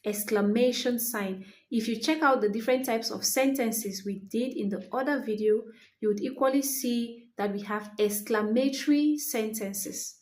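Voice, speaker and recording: A woman teaching English punctuation, explaining slowly and repeating key phrases for emphasis. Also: on the high side, darkish tone.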